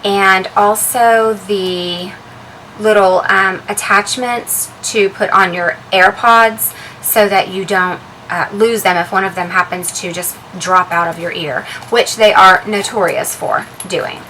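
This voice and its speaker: Chatty woman with a bright voice. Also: medium pitch, slow pace, slight background noise, poor audio. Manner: chatty, relaxed, with frequent ums and uhs. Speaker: beauty and handbag vlogger. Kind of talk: casual show-and-tell vlog.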